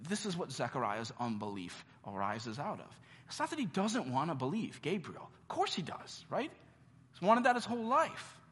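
Husky preacher in a reverberant hall. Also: male voice, fairly high pitch, fairly bright tone. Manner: earnest, with dramatic pauses and repeated questions. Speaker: pastor. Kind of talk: sermon. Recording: long reverb of a large hall.

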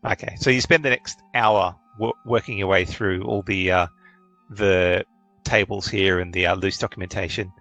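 A man's voice: sits low, normal speed, soft background music. A man running a tabletop game as game master, narrating hesitantly with lots of fillers. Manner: hesitant, many fillers, animated intonation.

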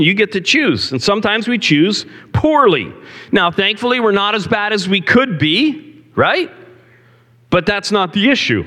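A Canadian male pastor with a high, bright, forceful voice preaches in a church sanctuary. His style is conversational, and he poses questions to the congregation, with long hall reverb in the recording.

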